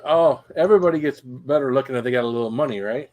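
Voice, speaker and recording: A man's voice: mid-range voice, fast talker, a little mellow, rough recording. A man chatting casually with friends, rambling with many fillers. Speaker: chat guest. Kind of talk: casual chat.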